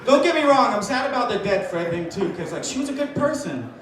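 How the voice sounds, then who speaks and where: A man doing a stand-up comedy set, telling deadpan dark jokes and acting out voices, with audience laughter behind him. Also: very high-pitched, a little fast, background noise. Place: comedy club stage. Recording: echoey club from far off, crowd laughing.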